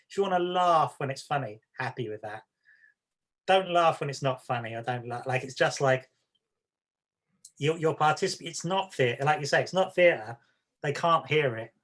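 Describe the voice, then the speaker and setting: A man's voice: fairly high pitch, fairly bright tone. A man co-hosting a podcast, talking casually in a rambling, self-deprecating and wry way. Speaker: podcast co-host. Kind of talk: casual chat.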